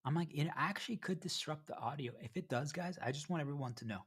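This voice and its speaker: This live streamer talks fast in a fairly high voice with a breathy edge, rambling to his chat from home. He interrupts himself repeatedly, keeps addressing viewers as "you guys," and occasionally talks with his mouth full.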